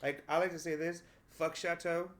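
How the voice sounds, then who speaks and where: A man's voice: on the high side, moderate pace. A young man hosting a podcast and talking casually, blunt and profane, telling stories with lots of energy. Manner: blunt, profane, animated storytelling. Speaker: podcast host and stand-up comic. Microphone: studio podcast mic.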